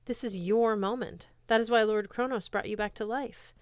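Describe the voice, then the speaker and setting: A woman reads as a menacing male monster with a heavy French accent, gloating over his captives in a storybook reading. His voice is smooth and dry, and his threats come out slow and lordly. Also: a little high, steady tone, no echo, close to an everyday voice. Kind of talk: audiobook character voice.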